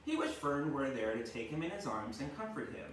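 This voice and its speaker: A man's voice: mid-range voice, very animated, a little fast, fairly bright tone, a little hiss or hum. Chatty man reading a storybook, echoey. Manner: chatty, explains words, tags lines with "right?". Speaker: teacher. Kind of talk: reading a storybook aloud to a class. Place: home kitchen. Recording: echoey room, mic far off.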